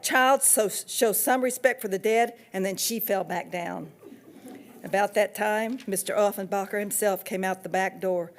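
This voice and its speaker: Woman reading her novel aloud. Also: mid-range voice. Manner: steady, expressive storytelling. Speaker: author.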